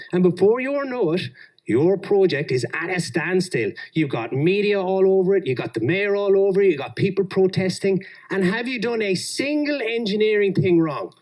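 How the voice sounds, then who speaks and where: In a storytelling conference talk about engineering leadership, an Australian man shares workplace anecdotes with animation, performing the voices of the people he quotes. He speaks on the high side at a moderate pace.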